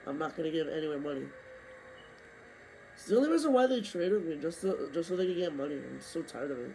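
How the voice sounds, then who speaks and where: Excitable young man gaming, high voice. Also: fast, vocal fry, a little hiss or hum. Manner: excitable, complaining, bursts of yelling. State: losing his voice. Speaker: gaming streamer. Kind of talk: live gameplay commentary.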